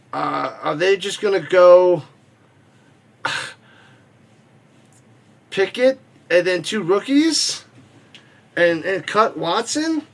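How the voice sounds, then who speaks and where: A man with a high voice hosts a game watch stream, calling the play-by-play as he goes. He rambles, cracks jokes, and reads chat messages out loud in a casual live-stream style.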